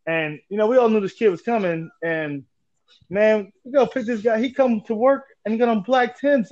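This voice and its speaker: A man in his forties hosting a casual chat, telling animated stories, laughing often and swearing casually. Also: high-pitched, moderate pace, dry recording. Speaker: podcast host. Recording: dull lo-fi dry sound.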